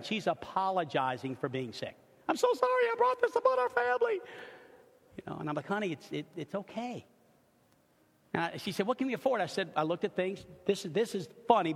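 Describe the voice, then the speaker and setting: A middle-aged male pastor preaching a sermon and telling a personal story, swinging from loud emphatic bursts to hushed narration, with humorous asides and repeated words as he builds a point. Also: high-pitched. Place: church sanctuary. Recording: long reverb of a church hall.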